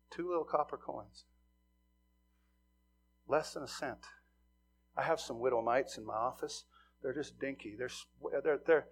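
A middle-aged man from Montana preaching a sermon, telling stories with swings from hushed asides to loud emphasis. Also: mid-range voice, creaky, slight background noise. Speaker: pastor.

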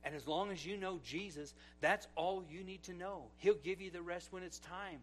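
A middle-aged male pastor preaching a sermon, swinging from loud exclamations to hushed asides as he tells stories and acts out quotes. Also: high-pitched, steady tone, normal speed, a little hiss or hum.

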